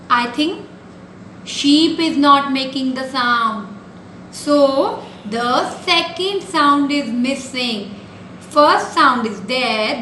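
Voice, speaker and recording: This is a woman teaching small nursery children, patient and coaxing in a sing-song, going over simple instructions again and again. Her high voice sounds pushed and bright. The recording has an echoey room and a little hiss or hum.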